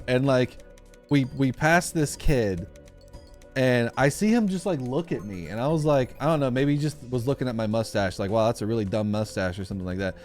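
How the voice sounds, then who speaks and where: A man's voice: mid-range voice, darkish tone. Rambling young man streaming over music. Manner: rambling storyteller, many fillers and restarts. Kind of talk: casual live-stream chat while gaming.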